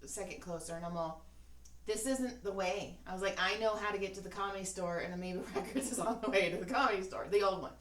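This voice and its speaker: A woman's voice: mid-range voice, quick pace, echoey room, distant mic. A woman co-hosting a podcast in casual chat, telling stories with lots of acted-out quotes and swearing. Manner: animated storytelling, acts out quotes, swears freely. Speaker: podcast co-host.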